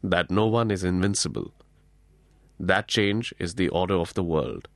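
A serene divine lord speaks gently and calmly, consoling the listener, as a man voices him in an audiobook. His voice sits fairly low and stays measured and soothing. The recording is dry and close-miked. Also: no echo. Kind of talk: audiobook character voice.

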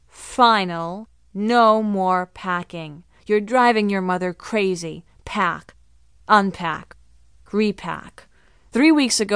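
A woman's voice: medium pitch, a bit bright, clear, resonant tone, no room sound, clean studio sound. A woman voicing a young girl who mimics a stern grown-up and scolds herself in a mock-stern lecturing tone.

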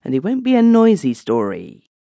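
A woman voicing a thoughtful man who tells a grim tale in a measured, sober way. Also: low voice, huge pitch swings, creaky, warm tone, no room sound, voice pushed up, heavily acted. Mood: musing.

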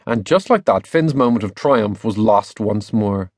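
A man narrating a children's novel as an audiobook, lively storytelling with many character voices. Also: on the low side, measured pace, dry recording, studio quality.

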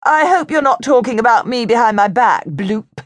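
Woman doing a bossy prissy penguin girl, kinda high. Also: expressive, moderate pace, no room sound, close to an everyday voice. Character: bossy female fairy penguin, gang leader.

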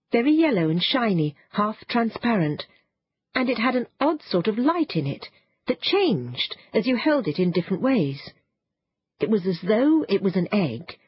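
A woman narrating a children's storybook in an expressive, animated way. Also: mid-range voice, slightly rough, highs cut off. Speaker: audiobook narrator.

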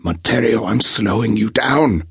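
A man voicing a frail, dying old professor who speaks in a gravelly, raspy voice with labored breath. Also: lowish voice, a little slow, fairly bright tone, dry recording, studio quality, exaggerated voice. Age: older. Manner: labored breathing, urgent pleading.

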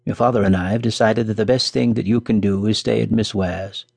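A man's voice: lowish voice, fairly even intonation, a little fast, vocal fry, darkish tone, breathy edge, dry recording. A man reading as an apologetic mother. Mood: regretful. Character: gentle, apologetic mother writing a letter.

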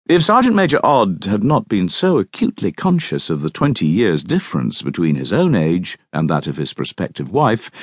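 A man narrating an audiobook in a measured, expressive reading voice, recorded close to the mic. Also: fairly low pitch, no echo. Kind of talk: scripted narration. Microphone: close studio mic.

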